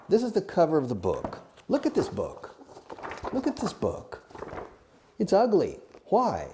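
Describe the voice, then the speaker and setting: Middle-aged man, English teacher filmed on camera; animated drilling with Spanish asides, warm low voice. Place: classroom or studio filmed by a camera operator.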